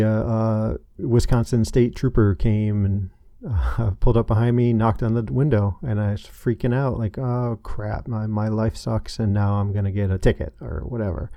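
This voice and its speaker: A man hosting his own podcast, telling a painful personal story in a halting way, full of restarts and fillers. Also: fairly low pitch, vocal fry, dry recording, dull audio. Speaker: podcast host. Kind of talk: personal confessional monologue.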